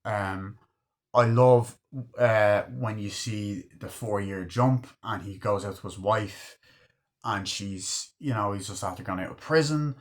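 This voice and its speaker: A man's voice: lowish voice, a little slow. A man giving a casual film review. He swears freely, rambles and acts out quoted lines in put-on voices.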